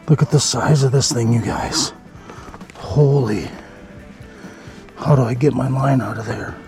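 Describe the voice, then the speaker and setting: Slow-talking man narrating a fishing vlog. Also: lowish voice, creaky. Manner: murmurs softly at the fish, bursts into excited exclamations. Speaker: fishing vlogger. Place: ice fishing shelter with a heater.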